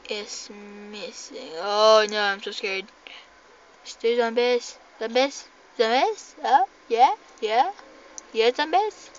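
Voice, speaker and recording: Young Filipino-accented woman, slow-talking, skittish game commentary, dull lo-fi phone recording with faint hiss. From Philippines. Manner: jumpy, excitable, swings between loud panicked cries and low mutters. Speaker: gamer. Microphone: phone mic.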